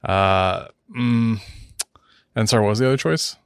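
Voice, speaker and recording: A man in a casual podcast chat, calmly explaining his reasoning. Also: fairly low pitch, unhurried, smooth, no echo, clean studio sound.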